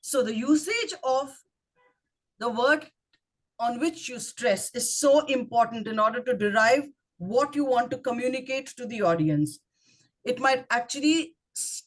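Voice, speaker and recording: A woman with an Indian English accent walks a speaking club through tricky words. Her voice sits slightly high, and she spells terms out letter by letter before testing the group with questions. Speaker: grammarian at a speaking club meeting. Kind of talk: instructive club talk.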